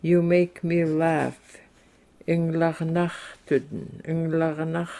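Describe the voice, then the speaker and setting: Slow, gravelly man teaching phrases. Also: a little high, little pitch movement, warm tone. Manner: reads a phrase in English then repeats it slowly in the native language. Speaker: language speaker reading phrases. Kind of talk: slow phrase-by-phrase language lesson.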